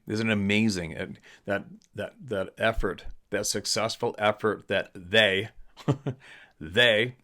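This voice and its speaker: Pitched on the low side, his voice sounds bright and forceful as he reads a viewer letter on his show. The host, a hunting and fishing guide from British Columbia, Canada, delivers a casual, rambling monologue that's blunt and opinionated.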